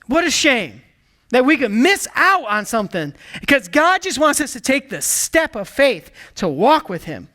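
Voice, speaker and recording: A man preaching a sermon in an energetic, emphatic way, calling out to the congregation and dropping into hushed low asides. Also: normal speed. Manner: swings from excited bursts to hushed low asides. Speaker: pastor.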